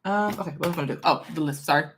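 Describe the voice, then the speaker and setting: A woman with a deep voice races through a casual live-stream tarot reading, with slight background noise. She's chatty, uses lots of fillers, and reads viewers' comments out loud.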